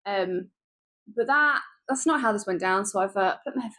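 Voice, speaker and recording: Woman, young adult vlogger, lively storyteller, mid-range pitch. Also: normal speed. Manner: lively, animated retelling with laughs and asides. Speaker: travel vlogger. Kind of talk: chatty storytelling vlog.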